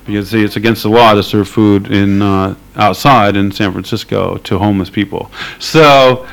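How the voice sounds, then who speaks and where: Lowish-voiced guy rambling in an interview, lots of ums and restarts, dry chuckles. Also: steady tone, normal speed, gravelly, low-quality recording. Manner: rambling, hesitant with many fillers, wry laughs. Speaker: activist interviewee. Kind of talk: casual spoken interview.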